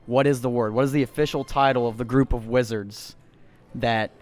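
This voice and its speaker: A man's voice: medium pitch, fairly even intonation, normal speed, darkish tone, soft background music. A young man co-hosting, playfully quizzing fans with trivia. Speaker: co-host running trivia. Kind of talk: casual chat, quizzing.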